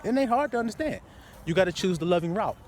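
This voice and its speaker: A man with a lively, sing-song voice preaches into a phone he holds while walking outdoors. He laughs between points, drags out repeated lines and keeps asking his listeners questions. Faint street traffic hums behind him. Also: sits high. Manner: laughing, rhetorical, drawn-out repetitions. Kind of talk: casual outdoor sermon to phone camera. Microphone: phone held while walking.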